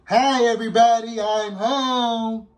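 A man voicing a loud, exuberant little girl in a storybook reading, eager and booming. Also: fairly even intonation, slow.

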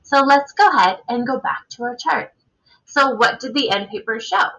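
A woman teacher giving a reading lesson for children, reading a picture book aloud with expression and pausing to ask questions. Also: fairly high pitch, a bit bright, rough recording.

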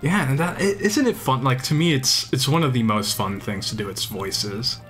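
A man's voice: mid-range voice, normal speed, fairly bright tone, soft background music. A young man chatting casually while streaming a game, rambling and enthusiastic, often restarting his sentences. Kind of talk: casual chat while gaming.

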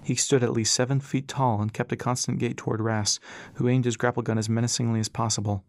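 A man reading an audiobook as narrator, in a steady storytelling manner. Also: mid-range voice, quick pace, no echo.

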